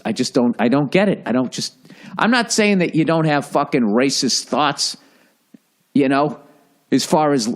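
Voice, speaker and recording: A man hosting a podcast, rambling through a profane comedic monologue with lots of restarts and mocking asides. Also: mid-range voice. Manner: animated storyteller. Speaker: podcast host.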